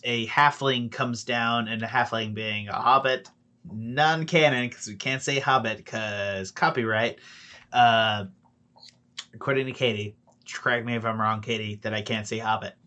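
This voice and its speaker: A man's voice: mid-range voice, normal speed, bright, forceful tone. A man narrating as dungeon master, rambling with fillers and restarts. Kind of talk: narrating a tabletop game.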